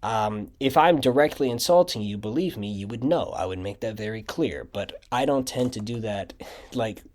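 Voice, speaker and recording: Low, expressive, and a little mellow, this young man's voice moves at a moderate pace over slight hiss or hum. Offering audio commentary on his own videos as a channel creator, he tells rambling stories heavy with "like" and restarts.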